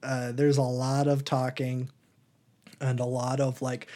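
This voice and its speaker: A young man rambles through a casual movie chat on a podcast, full of ums and likes. He keeps slipping into a high mocking voice to act out lines. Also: completely flat delivery, measured pace, mellow. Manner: rambling, lots of fillers, acts out silly quotes in a high voice. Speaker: podcast co-host.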